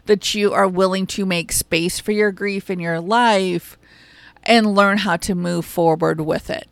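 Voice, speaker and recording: A woman hosting a solo podcast, speaking in a calm, measured and reassuring way. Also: medium pitch, gravelly, no echo. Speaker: podcast host. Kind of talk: reflective solo podcast talk.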